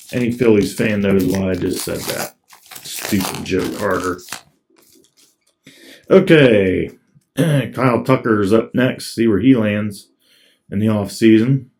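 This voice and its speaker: His voice is on the low side and darkish, and he talks slowly with frequent pauses. The man is a collector opening trading card packs, relaxed as he reads off every card he pulls.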